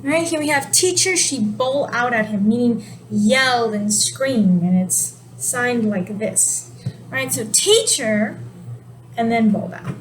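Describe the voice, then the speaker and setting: A woman explaining sign language in a casual video lesson, relaxed and explanatory, sometimes correcting herself. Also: fairly high pitch, takes it slowly, rough recording. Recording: steady background noise.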